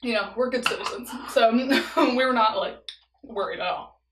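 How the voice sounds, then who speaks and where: A woman's voice: on the high side, moderate pace, fairly bright tone, reverberant, a little hiss or hum, poor audio. A young woman telling a story in a casual vlog while eating, chatty and laughing often, leaning on "like" as filler. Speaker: vlogger.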